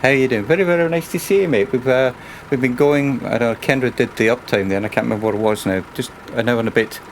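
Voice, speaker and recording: A man's voice: mid-range voice, fast talker, slight background noise. A man streaming a bus-driving game, chatting and thanking viewers in an emotional, rambling way.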